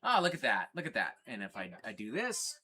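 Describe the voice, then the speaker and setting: A man's voice: medium pitch, wildly swooping pitch, a little fast, pushed and bright. A man hosting a casual livestream from a record store, rambling and swearing as he jokes around. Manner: rambling, profane, jokey. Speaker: livestream host.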